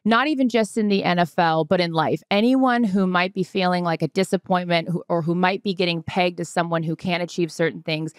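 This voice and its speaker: A woman's voice: fairly low pitch, fairly quick, few pauses, clean tone, no echo, clean studio sound. A woman from Seattle, co-hosting a podcast, telling a story in casual chat with lots of fillers. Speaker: podcast co-host, sports reporter.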